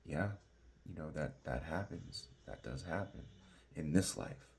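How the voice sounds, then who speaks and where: A male pastor teaching through a Bible passage, halting with many fillers and restarts and often asking "right?" and saying "y'all". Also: rumbling low, expressive, vocal fry, a little mellow, a little hiss or hum.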